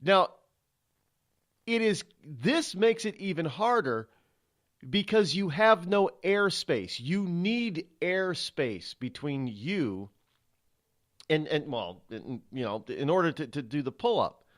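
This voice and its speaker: Animated rambling talk-radio host man. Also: a little high, slow. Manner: chatty, digressive, frequent restarts and repeated words.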